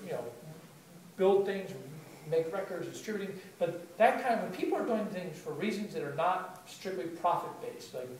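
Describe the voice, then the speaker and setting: A man telling stories to a live audience in a chatty, animated way, full of fillers. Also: fairly high pitch, recorded from a distance, slight background noise. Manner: animated, chatty, heavy use of "like". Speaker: storyteller at a spoken-word event. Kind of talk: live storytelling talk. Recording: very echoey room taped from afar.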